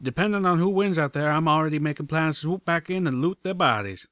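A man's voice: fairly high pitch, very animated, unhurried, dry recording, studio quality, pitched above the performer's own voice. A man voicing a brash, folksy male pegasus scavenger with a cowboy swagger in an audiobook reading.

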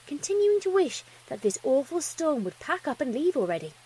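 A woman reading a fan story aloud as the narrator, with expressive delivery. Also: high voice, a little fast, low-quality recording.

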